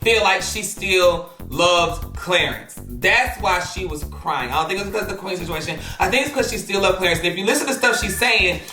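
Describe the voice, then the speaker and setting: Woman hosting gossip talk, bright forceful voice, teasing and laughing, roomy echo, faint music behind. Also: lowish voice, normal speed, hardly any pauses. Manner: loud, laughing, animated and teasing. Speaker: host of a gossip commentary show. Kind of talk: casual gossip commentary.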